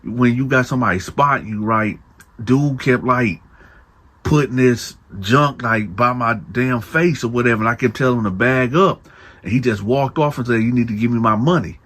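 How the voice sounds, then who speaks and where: A man voicing a scared, ashamed young male inmate who talks in a hesitant, halting way and repeats himself. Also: medium pitch, fairly bright tone, pitched above the performer's own voice, natural voice. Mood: troubled.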